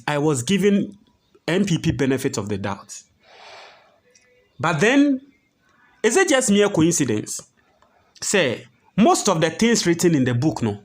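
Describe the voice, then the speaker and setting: A man with a Ghanaian accent hosting an emphatic political news commentary and explaining documents he reads aloud. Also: fairly high pitch.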